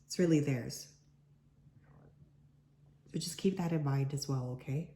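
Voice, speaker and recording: Woman, tarot reader, hoarse sick voice, low and mellow, echoey room. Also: unhurried. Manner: chatty, lots of "like" fillers. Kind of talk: casual collective card reading to viewers.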